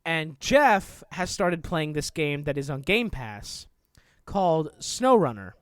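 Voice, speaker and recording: Male podcast host, high voice, dry close sound, rambling casual gaming chat. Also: sing-song, slow, clear, resonant tone, dry recording. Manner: rambling, filler-heavy, playful.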